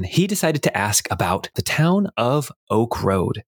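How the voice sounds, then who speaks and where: Low-voiced man narrating a tabletop game. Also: normal speed, few pauses, no room sound, studio quality. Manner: relaxed, with frequent ums and laughs. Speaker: game master.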